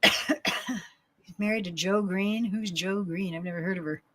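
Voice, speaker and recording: A woman's voice: mid-range voice, measured pace, sharp tone. Rambling, laughing Alabama woman. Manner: rambling, laughs often, swears casually. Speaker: livestream co-host. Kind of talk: casual chat.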